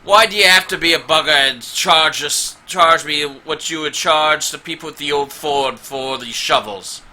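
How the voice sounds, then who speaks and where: A man doing a loud, fuming dwarf. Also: on the high side, moderate pace. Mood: indignant. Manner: loud, indignant ranting. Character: gruff angry male dwarf road-builder.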